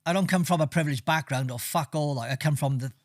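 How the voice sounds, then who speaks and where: A man's voice: a little high, quick pace, no room sound, clean studio sound. A man, co-hosting a podcast and talking bluntly in rambling, profane casual chat. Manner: blunt, heavy swearing, rambling. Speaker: podcast co-host.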